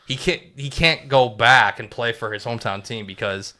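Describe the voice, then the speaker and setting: Podcast cohost guy, bright crisp voice, kinda earnest when he tells a story. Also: medium pitch, moderate pace. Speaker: podcast co-host. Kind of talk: casual podcast chat.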